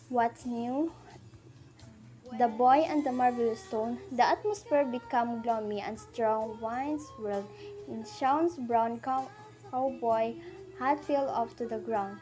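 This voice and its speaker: A woman teacher reads a science lesson and story aloud in a careful, measured way. Her voice sits fairly high. Soft music plays faintly in the background.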